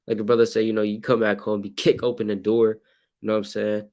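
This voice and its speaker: A low-voiced man teaching scripture in loose street slang. He acts out little scenes and breaks into sudden shouts. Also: brisk.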